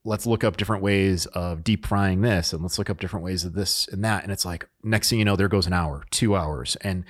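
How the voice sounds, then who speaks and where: Male host, very low voice, easygoing and friendly, rambles through questions. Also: a little fast. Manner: rambling, restarts phrases, friendly. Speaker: podcast host. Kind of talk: casual interview chat.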